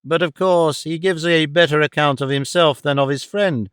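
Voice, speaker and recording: A male audiobook reader voicing a stern, cold older mother who speaks in a severe, measured and reproachful way. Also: fairly high pitch, a bit bright, clean tone, no room sound, clean studio sound, natural voice. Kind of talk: audiobook character voice.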